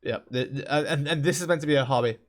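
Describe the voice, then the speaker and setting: A man's voice: fairly high pitch, quick pace. A man hosting a game channel, ranting in exasperation at a buggy simulator, stammering and repeating himself. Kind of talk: ranting gameplay commentary.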